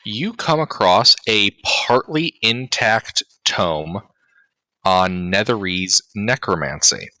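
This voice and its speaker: A man narrating as game master of a tabletop game, deliberate and pausing as he describes finds. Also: fairly low pitch, lively intonation, pushed and bright, dry recording. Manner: slow, deliberate narration with pauses.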